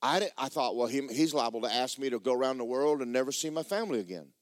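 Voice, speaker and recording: In clean studio sound with no room tone, a male pastor preaches fast and animated at medium pitch. He tells a personal story with emotion, often repeating himself as he talks straight to the congregation.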